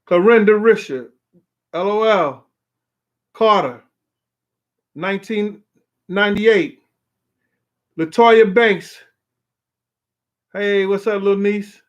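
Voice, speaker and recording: Heard over an on-air phone line with lo-fi sound, a call-in show host with a high voice speaks slowly and leaves long pauses. He rambles casually in a streetwise way, repeatedly asking "you know what I'm saying."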